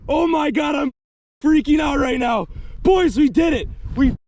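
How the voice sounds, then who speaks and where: A man vlogging ice fishing, muttering urgently to himself while fighting a fish, then whooping and shouting in celebration. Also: very high-pitched, measured pace, no room sound, lo-fi sound. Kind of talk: excited outdoor vlog narration. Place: frozen lake outdoors. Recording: noisy outdoor camera audio.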